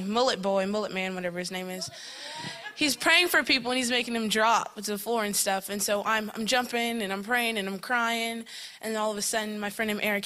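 A woman's voice: medium pitch, bright, forceful tone. A young woman casually sharing a testimony about camp, chatty and full of fillers like "like" and "um", often breaking into laughter. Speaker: camp attendee giving a testimony.

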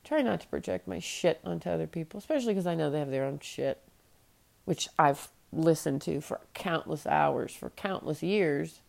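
A woman's voice: sits low, moderate pace, vocal fry, a little mellow. A woman in her late thirties hosting a solo podcast, talking bluntly and with profanity as she vents her frustration. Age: late 30s. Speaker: podcast host.

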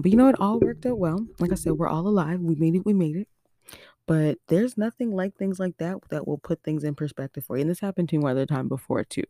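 A podcast host from Nova Scotia, Canada, tells stories in a gravelly, low-pitched woman's voice, recorded dry and at studio quality. It's a casual storytelling monologue, chatty and animated, with lots of "like" and acted-out quotes.

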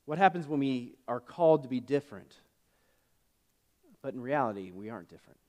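A man's voice: medium pitch, expressive, fairly quick, mellow. A man preaching a sermon as pastor, retelling a story casually with fillers and self-corrections. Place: church.

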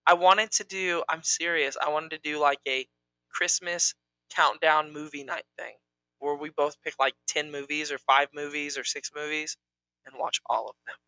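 A young man chatting casually as co-host, rambling and playful as he jumps between topics. His voice is bright and forward, and the sound is close and dry with no room in it. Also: on the high side, fairly even intonation, moderate pace, clear, resonant tone, dry recording, rough recording. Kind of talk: casual chat.

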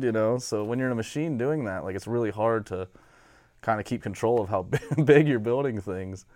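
A man's voice: medium pitch, animated, fairly quick, no echo, studio quality. A middle-aged man in casual chat, laid-back, swearing and laughing as he tells stories. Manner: laid-back, swears, laughs often, quotes people in character. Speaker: guest.

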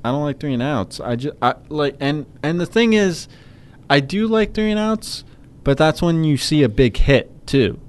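A man co-hosting a casual sports podcast, talking in halting starts and restarts. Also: on the high side, animated, a little mellow. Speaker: podcast co-host.

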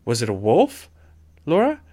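A man voicing a small pioneer girl who gasps out high, scared questions. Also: wildly swooping pitch, a little slow, mellow. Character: little frightened pioneer girl, panting.

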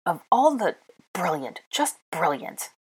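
A woman's voice: lowish voice, lively intonation, moderate pace, husky. Draco Malfoy, a scornful teen wizard, read by a woman. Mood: angry barking. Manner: snappish, scornful. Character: sneering, short-tempered teenage boy wizard. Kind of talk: audiobook fan fiction reading.

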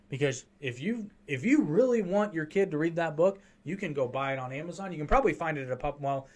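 A man's voice: a little high, expressive, fast talker, few pauses. A man hosting a podcast, ranting heatedly and with a lot of profanity during a casual political chat. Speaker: podcast host.

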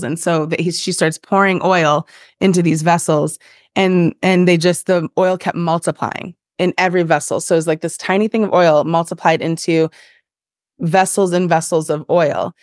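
A woman's voice: lowish voice, fairly even intonation, moderate pace, no echo, studio quality. A woman in her thirties, a podcast guest, talking earnestly in a casual interview, full of "like" and "um". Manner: filler-heavy, earnest, tangents. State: briefly emotional.

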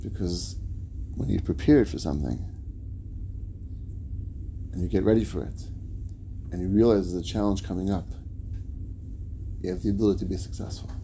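Male preacher, earnest storyteller; gravelly, dark timbre. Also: low-pitched, moderate pace, pauses often, a little hiss or hum. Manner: earnest and emphatic, with Hebrew religious terms. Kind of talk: sermon with storytelling.

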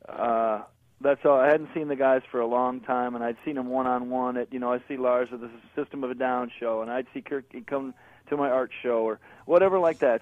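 A middle-aged man, a guest musician, talking casually in an interview with a laid-back, slangy manner. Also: mid-range voice. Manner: laid-back, slangy, animated when joking. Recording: tinny phone line.

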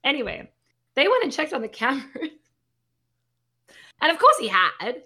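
Bright-voiced blunt woman in her thirties. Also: high-pitched, wildly swooping pitch, moderate pace. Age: 30s. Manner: blunt, swearing, many fillers. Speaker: podcast co-host. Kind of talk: casual podcast chat.

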